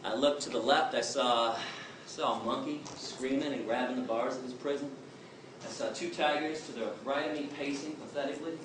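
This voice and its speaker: A man's voice: medium pitch, fairly even intonation, a little fast. A man answering audience questions in an emphatic, plain-spoken storytelling manner. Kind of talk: public talk, Q and A. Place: large echoey hall. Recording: echoey hall from far off, noisy.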